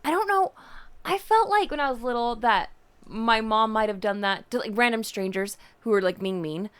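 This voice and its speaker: Giggly woman podcast co-host, higher voice. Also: moderate pace, smooth. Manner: giggly, animated, many fillers. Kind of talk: casual podcast storytelling.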